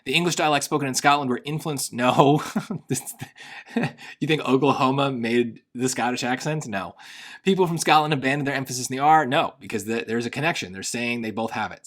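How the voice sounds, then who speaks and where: A man's voice: mid-range voice, fairly bright tone. Man thinking aloud over test questions. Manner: reads passages quickly, then muses half to himself. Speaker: SAT tutor.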